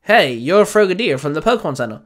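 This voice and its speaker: A man's voice: a little high, very animated, quick pace. A man voicing a brave young male firefighter who speaks urgently in a raised voice. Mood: earnest.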